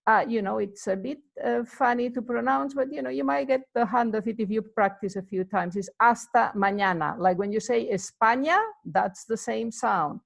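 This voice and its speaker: A woman's voice: fairly high pitch, moderate pace, vocal fry, hardly any pauses. A woman giving a casual, rambling lesson, full of fillers as she explains greetings. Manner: chatty and rambling, many fillers. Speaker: Spanish teacher.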